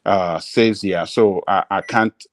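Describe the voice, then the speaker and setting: A Nigerian man arguing in a heated online political discussion, insistent and halting, slipping into Pidgin. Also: low-pitched, steady tone, no echo. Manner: insistent, hesitant, mixes in Pidgin. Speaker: panelist.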